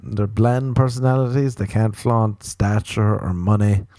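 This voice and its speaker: A young man with an Irish accent telling rambling comic stories, often jumping into squealing high voices. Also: steady tone, measured pace, mellow, no room sound. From Ireland. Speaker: comedian. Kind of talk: comic storytelling monologue.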